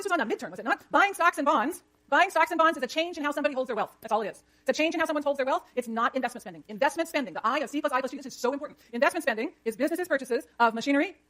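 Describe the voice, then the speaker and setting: A woman lecturing an economics class, brisk and jokey, scolding the chatter when it gets too loud. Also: high-pitched.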